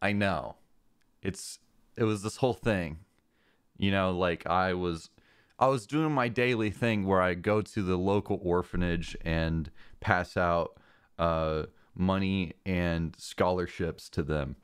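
A young man streaming a game, talking in a deadpan, joking and rambling way. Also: low-pitched, takes it slowly, smooth. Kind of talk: casual gameplay chat.

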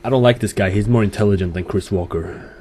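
A man's voice: lowish voice, quick pace, darkish tone, slight background noise. Jittery swearing young gamer guy. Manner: nervous, swearing, talks to himself and to the characters on screen. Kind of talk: horror let's play commentary.

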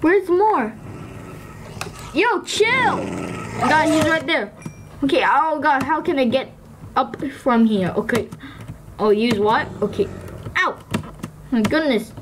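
A woman hosting a gaming video, giving excitable commentary with frequent shrieks and exclamations. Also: high-pitched, takes it slowly, pauses often. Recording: loud background noise.

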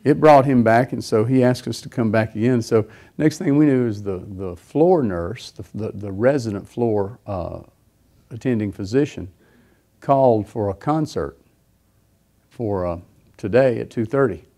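A middle-aged man with a dark, medium-pitched voice preaches at an unhurried pace. He tells a personal story as a sermon testimony, rambling with many fillers and restarts.

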